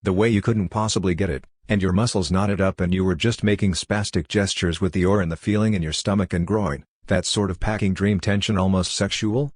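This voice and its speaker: A man's voice: sits low, steady tone, a little fast, hardly any pauses, no room sound, studio quality. A man reading the lines of a young male doctor who lectures in a matter-of-fact way. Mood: lecturing.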